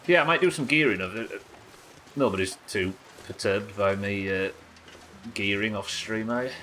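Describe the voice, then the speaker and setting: A man's voice: lowish voice, normal speed, bright, forceful tone, a little hiss or hum. A man chatting loosely while streaming a survival game, rambling, swearing and joking at his own expense. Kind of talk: casual gameplay commentary.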